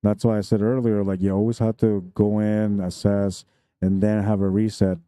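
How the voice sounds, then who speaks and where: A man's voice: fairly low pitch, level tone, normal speed, warm tone, clear, resonant tone, no room sound. A man commentating a pool tournament live stream, chatty and jokey, laughing often between remarks.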